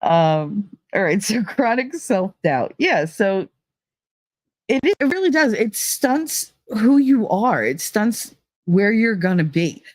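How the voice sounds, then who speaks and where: A woman's voice: mid-range voice, darkish tone, no echo. A woman hosting a casual chat show, talking bluntly with frequent swearing and laughter. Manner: blunt and profane, laughs often. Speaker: host.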